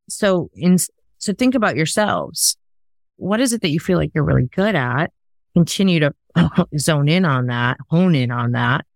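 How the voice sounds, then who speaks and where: A woman's voice: low voice, no echo. A woman hosting a podcast in casual conversation, talking in an emphatic, coaching way. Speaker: podcast host.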